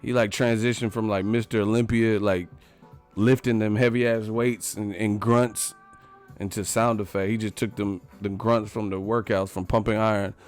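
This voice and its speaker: A man's voice: fairly low pitch, little pitch movement, moderate pace, faint music behind. A man hosting a casual live stream, profane and laughing often as he reacts to the chat.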